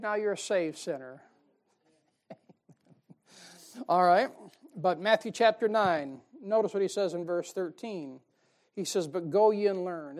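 Folksy, emphatic male preacher. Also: sits high. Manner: folksy, emphatic, laughs at own jokes; swings between loud stresses and soft asides. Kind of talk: sermon.

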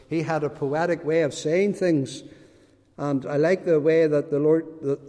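A man's voice: a little high, dark tone. A man preaching a sermon in a church, emphatic and lingering on key words. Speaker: pastor. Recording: church hall reverb.

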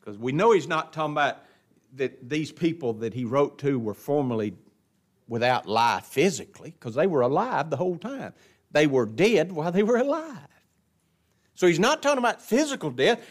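Man, somewhat high voice, folksy and emphatic Bible teacher, preaches his points. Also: fairly bright tone. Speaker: adult Bible class teacher. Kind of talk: verse-by-verse Bible lesson.

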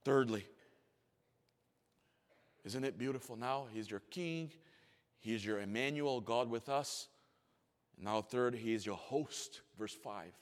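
A pastor in his forties preaching a sermon. He swings from hushed, almost whispered storytelling to loud, rising emphasis, and his English phrasing is slightly non-native. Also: mid-range voice, takes it slowly, long pauses. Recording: long hall reverb.

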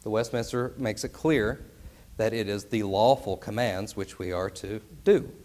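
A man's voice: on the low side, measured pace, darkish tone. Earnest, emphatic male preacher. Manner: earnest, emphatic, asks rhetorical questions. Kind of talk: sermon.

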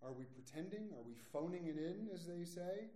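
A man in his forties preaching a sermon as pastor, telling a personal story in a conversational way with quick acted quotes. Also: high voice, animated, mellow, roomy sound. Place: church sanctuary.

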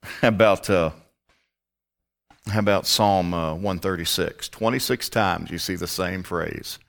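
Bible teacher, male, fairly low voice, emphatic, poses rhetorical questions to the room. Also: measured pace, gravelly, a bit bright.

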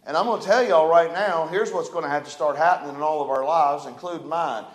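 A man preaching a sermon, his voice sitting high for a man. He talks in a folksy way, rising loud and falling quiet. The sound rings around a roomy church sanctuary. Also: fast talker. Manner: folksy, dynamic preaching with big swings in loudness. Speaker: pastor. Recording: echoey church room.

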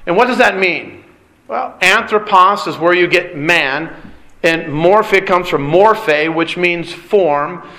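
A man's voice: high voice, bright, forceful tone. A middle-aged man preaching a sermon, earnest and direct, asking the congregation rhetorical questions. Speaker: pastor.

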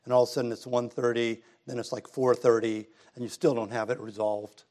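A man's voice: medium pitch, level tone, fairly quick, a little mellow. Middle-aged guy preaching a sermon, talks like he's chatting with folks, gets emphatic when he leans in. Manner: conversational preaching, rising to emphatic passages. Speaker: pastor. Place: church sanctuary.

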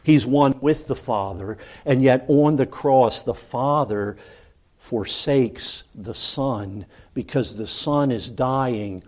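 A man preaching a sermon, building to loud cries and then dropping to hushed, solemn tones. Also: medium pitch.

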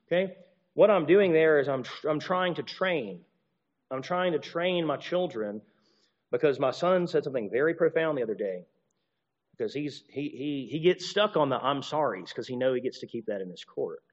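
This pastor or teacher speaks in a fairly high, animated voice at normal speed while preaching. He restarts often, repeats words, and acts out apologies in changing voices, in a dull recording with long reverb.

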